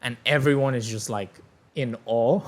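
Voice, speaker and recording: A man hosting a podcast, telling a story in casual, animated chat, swearing freely. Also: mid-range voice, moderate pace. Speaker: podcast host.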